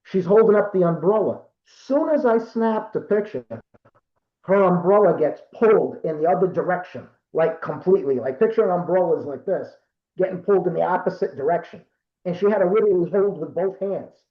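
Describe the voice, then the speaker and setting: A man's voice: sits high, fairly quick. Rambling fiftyish man on a roomy call. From Rhode Island, USA. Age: 50s. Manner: rambling, self-correcting, lots of fillers. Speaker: guest. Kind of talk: casual storytelling. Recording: roomy, dull lo-fi call audio.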